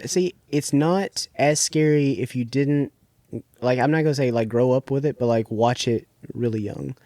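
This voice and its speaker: A man's voice: medium pitch, normal speed, mellow, no echo. A man co-hosting a podcast, chatting casually and rambling through a retelling, full of fillers and acted-out quotes. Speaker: podcast co-host. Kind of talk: casual chat.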